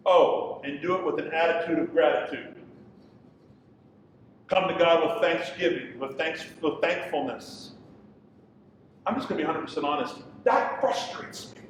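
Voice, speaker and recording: A middle-aged male pastor preaching, impassioned, swinging from loud pleading questions to quiet storytelling. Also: on the high side, moderate pace, long pauses, slight background noise. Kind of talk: sermon. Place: church hall. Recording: echoey hall from far off.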